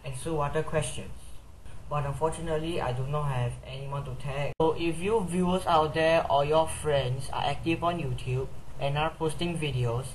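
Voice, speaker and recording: A man's voice: fairly high pitch, fairly even intonation, moderate pace, slight background noise. A man with a Singaporean accent explaining a vlog accent tag methodically. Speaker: YouTuber. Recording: echoey room.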